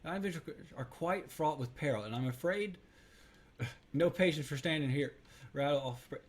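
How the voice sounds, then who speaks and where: A man voicing a stiff, proper game character who talks in long, fussy sentences. His voice sits a touch low and soft for the part, with a measured, prim delivery. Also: expressive, close to an everyday voice.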